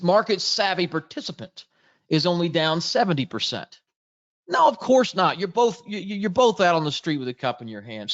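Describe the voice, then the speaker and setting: A man's voice: on the high side, highs cut off. A man presenting a live trading webinar, chatty and jokey, greeting viewers in the chat as he goes.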